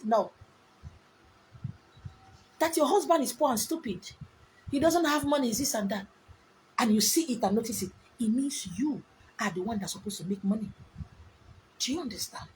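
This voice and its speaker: Her voice is on the high side yet darkish in tone, animated, at normal speed with frequent pauses. She's a middle-aged Nigerian woman with a Nigerian accent, rambling emotionally and a bit preachily on her own live video for a casual motivational stream. Recorded on a phone, with a little hiss or hum.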